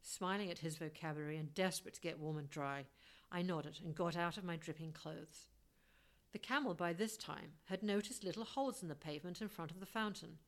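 A woman reading a first-person story aloud as an audiobook, with a wry, lightly humorous manner. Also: lowish voice. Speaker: audiobook narrator. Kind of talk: storybook narration.

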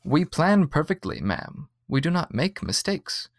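A man putting on a female android clerk from a spoken story, speaking in a higher, soothing tone with a faintly robotic edge. The reading is dry and close to the mic. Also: sing-song, measured pace, no echo, exaggerated voice. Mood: polite. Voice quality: slightly robotic.

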